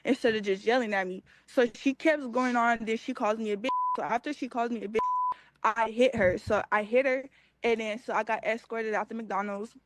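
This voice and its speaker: A woman's voice: a little high, fairly even intonation, a little fast, slight background noise, low-quality recording. A woman from Los Angeles casually telling her side of a fight, chatty and matter-of-fact. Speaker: woman recounting a fight in a video clip. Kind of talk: casual storytelling.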